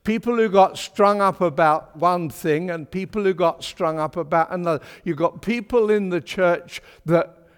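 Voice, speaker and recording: A man's voice: sits high, normal speed, hardly any pauses, clean tone. A man preaching a sermon in a church, chatty, wry and emphatic. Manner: chatty, wry and emphatic, with homely British turns of phrase. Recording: long hall reverb of a church.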